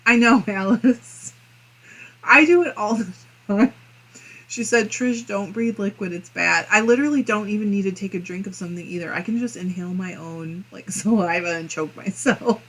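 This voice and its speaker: A woman's voice: mid-range voice, moderate pace, a bit bright, breathy edge. A woman hosting a casual crafting livestream, reading viewer comments aloud and giggling often between them. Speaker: fiber arts channel host.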